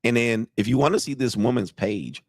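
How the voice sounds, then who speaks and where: A man's voice: medium pitch, animated, brisk, no room sound, studio quality. An older man, a dating coach, giving blunt, profane, swaggering commentary as he reacts to videos.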